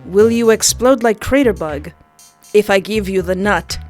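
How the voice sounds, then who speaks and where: A woman's voice: fairly high pitch, animated, normal speed, soft background music. A woman voicing an eccentric young crew recruit on a spaceship, with stilted, oddly worded, demanding speech. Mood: insistent.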